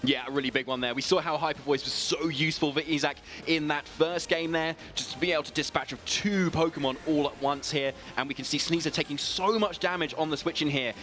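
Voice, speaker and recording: Male game analyst, brisk and slightly high, faint music behind. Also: fairly even intonation, fairly bright tone. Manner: fast analytical explaining. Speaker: esports analyst. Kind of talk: live color commentary.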